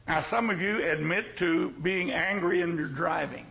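A man's voice: on the high side, normal speed, creaky, hardly any pauses, bright, forceful tone, rough recording. A male pastor preaching a sermon in a folksy, joking way, with emphatic repetition.

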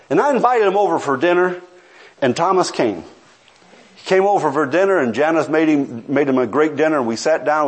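A middle-aged man preaching a sermon, telling a story with earnest, pleading intensity. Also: on the high side.

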